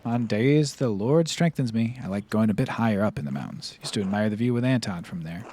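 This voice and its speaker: A man reading aloud as a grieving old widower in a game, in a low, lively voice. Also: fairly quick, a little hiss or hum, lightly acted. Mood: wistful. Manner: read aloud from on-screen game text.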